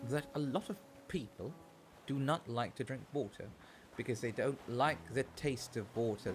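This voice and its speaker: A man streaming a farming game, chatting casually, joking and rambling with sudden loud outbursts. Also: mid-range voice. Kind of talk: casual gameplay livestream chat. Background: faint background music.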